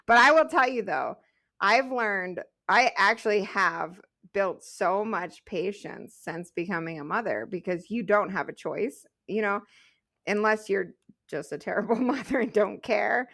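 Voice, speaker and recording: A woman's voice: mid-range voice, lively intonation, measured pace, vocal fry, fairly bright tone. A woman co-hosting a podcast about motherhood, talking casually and candidly, laughing often between her points. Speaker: podcast co-host. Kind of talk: casual chat.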